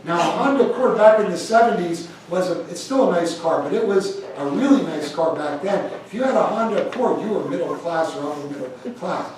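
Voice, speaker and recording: High-voiced man preaching in an echoey hall. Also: brisk, hardly any pauses, slight background noise. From United States. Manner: conversational, storytelling, animated when telling anecdotes. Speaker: speaker at a stewardship talk. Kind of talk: sermon-style talk with personal stories. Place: large church hall. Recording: echoey church hall from far off.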